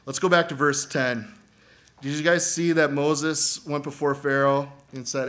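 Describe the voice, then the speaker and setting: A man preaching a sermon as pastor, animated and acting out quoted voices. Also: a little high, moderate pace.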